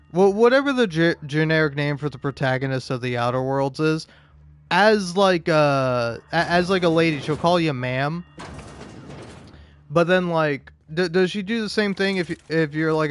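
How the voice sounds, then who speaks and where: A man's voice: fairly high pitch, animated, normal speed, smooth. A drunk man rambling profanely in casual gaming commentary, full of restarts and fillers. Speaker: gaming YouTuber.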